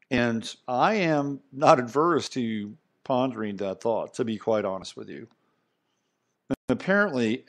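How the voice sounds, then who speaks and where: Rambling, emphatic male podcast host. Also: medium pitch. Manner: rambling, emphatic, conversational, with frequent asides. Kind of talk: casual monologue commentary.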